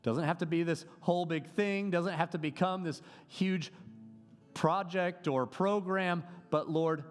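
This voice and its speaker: A man's voice: high voice, a little slow, smooth, faint music behind. A male pastor, preaching an earnest sermon that moves from storytelling into rising exclamations in a church. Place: church sanctuary. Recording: long hall reverb.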